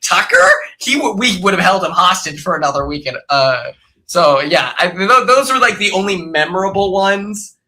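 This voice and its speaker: A young man guest on a podcast, telling animated stories about his time on a reality show and laughing often. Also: high voice, moderate pace, a little hiss or hum. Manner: animated storyteller who acts out quotes and laughs often. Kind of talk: casual podcast chat.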